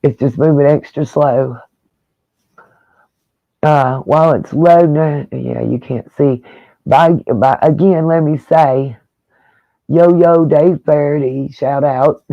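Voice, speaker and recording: A man's voice: fairly high pitch, takes it slowly, pauses often, no room sound, highs cut off. A man hosting a casual livestream, talking straight to his viewers in an emotional, rambling way. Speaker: livestream host.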